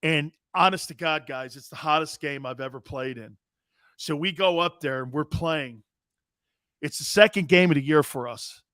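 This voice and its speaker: A man's voice: a little high, moderate pace, dry recording, studio quality. Boisterous man in his fifties telling stories. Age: 50s. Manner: boisterous, rambling anecdotes with frequent restarts and profanity; animated, emphatic storyteller. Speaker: sports talk show host. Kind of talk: casual storytelling on a sports talk show.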